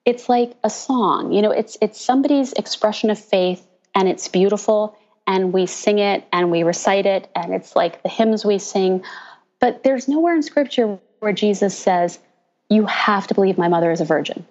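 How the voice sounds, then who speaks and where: A woman pastor and author talking in a casual interview, telling stories with lively mimicry of the people she quotes. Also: mid-range voice, normal speed, highs cut off. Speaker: pastor and author, podcast guest.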